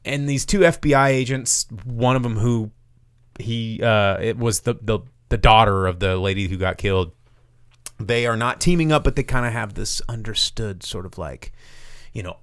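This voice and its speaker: A man hosting a casual movie review chat, telling plots with profanity and quick acted-out lines. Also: fairly low pitch, clear, resonant tone, dry recording, studio quality. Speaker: podcast host reviewing movies.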